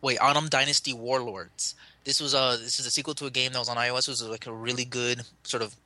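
A man's voice: medium pitch, flat delivery, quick pace, pushed and bright, no echo. A man co-hosting a podcast, chatting casually about games in a rambling, enthusiastic way and often correcting himself. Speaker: podcast co-host.

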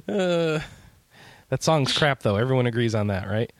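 Gravelly, lively male podcast host. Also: medium pitch, dry recording. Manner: joking, rambling, laughs easily. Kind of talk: casual chat.

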